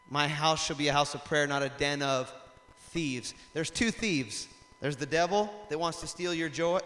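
A man preaching a sermon in a lively storytelling way, rising to loud emphatic passages. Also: fairly high pitch. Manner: animated storytelling, acts out shouts and laughs. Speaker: pastor. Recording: long hall reverb.

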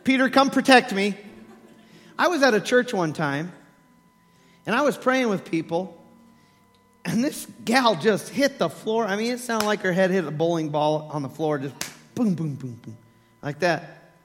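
A man preaching a sermon, telling scripture stories with animated acted-out voices and laughter. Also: high-pitched, normal speed, pauses often, in a large hall.

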